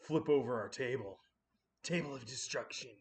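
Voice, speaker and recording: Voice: medium pitch, moderate pace, very noisy. A livestream host chatting casually to himself while building Lego, often dropping to a mutter. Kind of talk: casual live-streamed building chat.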